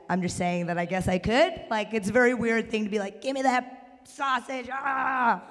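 A man from the Chicago suburbs doing a stand-up set, animated and quick to break into loud impressions. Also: sits high, gravelly. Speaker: stand-up comedian. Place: warehouse art space before a live audience. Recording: live venue reverb.

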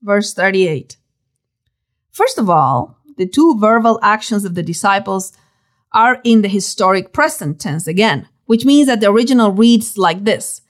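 A woman giving expressive Bible teaching, telling the story dramatically and stressing key words. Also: measured pace. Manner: dramatic, animated storytelling with sudden pitch swings.

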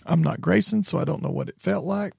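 Gravelly, husky man in his forties. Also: high voice, quick pace, darkish tone, no echo, clean studio sound. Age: 40s. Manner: storytelling, wry and self-mocking. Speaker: podcast co-host. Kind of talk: casual chat.

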